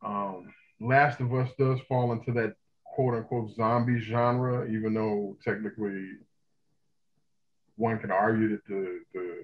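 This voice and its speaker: A man co-hosting a casual pop-culture podcast, ranting heatedly and with a lot of profanity, often breaking into loud outbursts. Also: fairly low pitch, fairly even intonation, measured pace, lo-fi sound. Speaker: podcast co-host.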